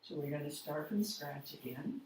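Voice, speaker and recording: A woman teaching a phonics lesson, speaking deliberately and spelling out words letter by letter. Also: sits low, lively intonation. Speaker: reading teacher. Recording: echoey room, voice from a distance, faint noise.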